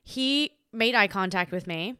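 A woman's voice: unhurried, smooth, no room sound, studio quality. Chatty young woman telling a story. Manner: chatty and animated, acts out quoted voices with big pitch jumps; filler-heavy, many "like"s and restarts. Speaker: podcast host. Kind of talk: casual storytelling monologue.

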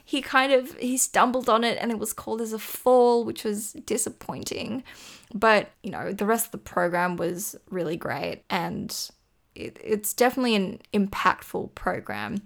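This is a woman co-hosting a relaxed conversation about figure skating. She talks in a chatty, gushing way and keeps tossing in playful asides. Her voice sits at an ordinary middle pitch. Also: moderate pace, creaky. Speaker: podcast co-host. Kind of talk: casual chat reviewing figure skating.

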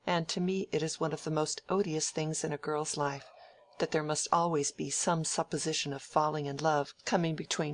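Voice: medium pitch, lightly acted. A reader voicing a frank, teasing young woman. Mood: indignant. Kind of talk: audiobook dialogue reading.

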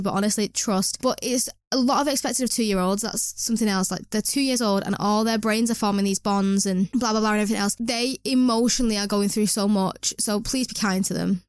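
A woman's voice: fairly high pitch, no echo, studio quality. A young woman hosting a podcast, chatting casually with rambling asides and self-mocking restarts. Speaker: podcast host. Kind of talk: casual chat.

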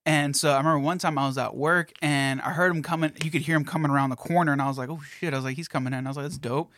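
Fast-talking animated storyteller man. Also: fairly high pitch, no echo. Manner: animated anecdote telling. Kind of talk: casual storytelling chat.

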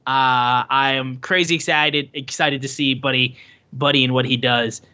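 A man co-hosting a casual wrestling podcast, excitable and loose, with lots of swearing and "like" fillers. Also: mid-range voice, moderate pace, dull audio. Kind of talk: casual chat recapping a wrestling show.

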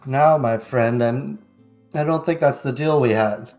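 A man voicing a confident, smug male lion merchant in a relaxed, self-assured way. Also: medium pitch, measured pace, soft background music, close to an everyday voice.

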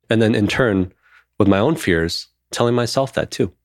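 A man's voice: on the low side, moderate pace, no echo, studio quality. A man in his thirties, co-hosting a podcast, talking openly and emotionally in casual chat and swearing now and then. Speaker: podcast co-host.

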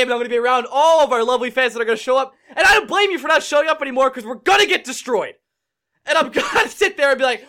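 A young man hosts a casual podcast, venting in an angry, swearing rant. His voice sits high and bright and swings widely as he yells. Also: lively intonation, rapid-fire. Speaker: podcast host. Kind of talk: casual ranting chat.

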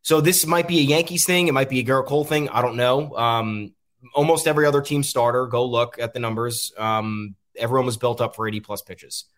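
A male host works through his frustration in a loose, rambling sports commentary. His speech is full of ums and restarts. His voice sits at an ordinary middle pitch. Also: steady tone, fairly quick, a bit bright. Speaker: podcast host.

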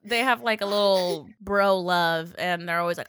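Bright, crisp young woman chatting. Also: on the low side, normal speed, no room sound, studio quality. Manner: relaxed, frank, swears casually. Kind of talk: casual chat.

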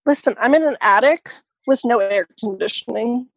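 A woman's voice: on the high side, moderate pace, no room sound, poor audio. A woman co-hosting a podcast, teasing and joking in casual chat. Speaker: podcast co-host.

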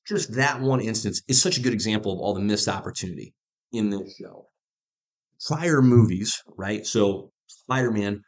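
A man co-hosting a casual podcast, talking about shows in an emphatic, animated way. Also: mid-range voice. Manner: emphatic and animated, stresses words for effect. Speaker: podcast co-host.

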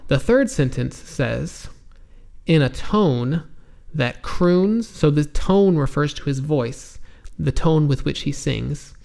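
Male teacher, slow and patient, gravelly low-register voice, explains vocabulary step by step. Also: darkish tone. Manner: patient, spells out words, frequent ums and restarts. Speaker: English teacher.

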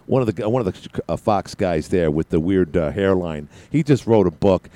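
In a casual political monologue on his talk radio show, an older male host rants with sarcasm, wandering off track and loaded with fillers and restarts. His low-pitched voice is expressive and dark-toned, at a normal speed.

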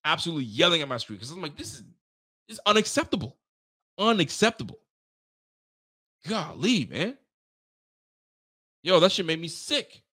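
A man hosting a casual sports podcast, animated and swearing freely, talking straight to his listeners and breaking into loud outbursts. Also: on the high side, moderate pace, pauses often, slightly rough. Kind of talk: casual fan commentary.

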